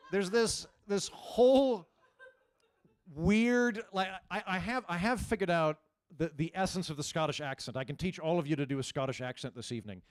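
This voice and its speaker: A stand-up comedian in his forties working a live crowd in a chatty, conversational style. He stumbles over his words and restarts often as he riffs with the audience. His voice is slightly high for a man and the sound is dry and close. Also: dry recording.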